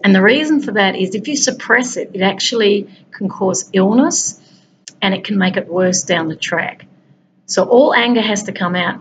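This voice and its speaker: A woman's voice: mid-range voice, moderate pace, slight background noise, poor audio. A woman giving an informal motivational talk as a wellbeing coach. She talks directly to her listeners in a conversational way.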